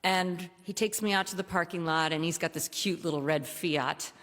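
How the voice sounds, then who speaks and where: A woman around sixty from Michigan telling a true story on a theater stage, lively and animated, acting out the dialogue. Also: lowish voice, normal speed. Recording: reverberant theater hall.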